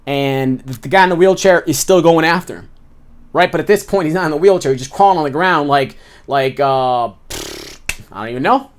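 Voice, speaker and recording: Man, slangy, lively storyteller, fairly high voice. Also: fairly quick. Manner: street slang, animated retelling with repeated phrases. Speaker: former inmate telling stories. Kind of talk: casual storytelling.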